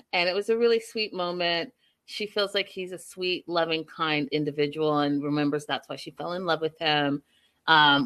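A woman's voice: lowish voice, bright, forceful tone. A woman hosting a casual, gossipy recap show, chatty and a little petty as she talks to her viewers. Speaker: reality show recap host. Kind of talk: casual chat.

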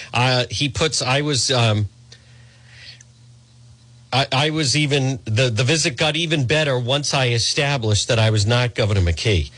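A man hosting a talk radio show, delivering a sardonic, mocking monologue and often clearing his throat. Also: medium pitch, a bit bright, no room sound.

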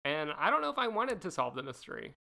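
A woman co-hosting a chatty podcast, with an animated voice that swings in pitch. Her tone is bright and sits a little low. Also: fast talker, vocal fry. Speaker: podcast co-host. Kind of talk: casual chat.

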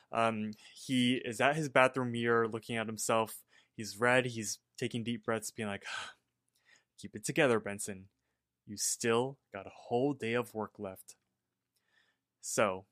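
A man's voice: medium pitch, no echo, studio quality. A young man co-hosting a podcast, chatting casually and telling stories with frequent laughs. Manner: animated storytelling, laughs often. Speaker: podcast co-host. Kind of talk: casual chat.

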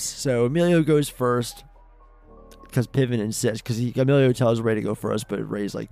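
Gravelly man casually recapping a movie. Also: medium pitch, darkish tone, soft background music. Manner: rambling, profane retelling with many restarts; acts out characters' lines in quick quoted bursts. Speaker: podcast co-host.

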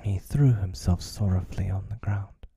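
A man reading a storybook in a hushed whispered role-play, close to the mic, slow and husky. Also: deep voice.

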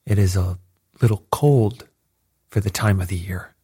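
A man voicing a calm, blandly ironic detective who speaks quietly, with a husky voice. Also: low voice, measured pace, no room sound, studio quality, heavily acted. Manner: quiet and unruffled.

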